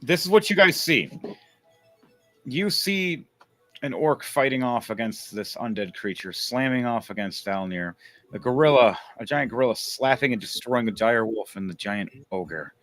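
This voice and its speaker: A man narrating a tabletop game as game master, lively and building up each scene. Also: mid-range voice, moderate pace, soft background music.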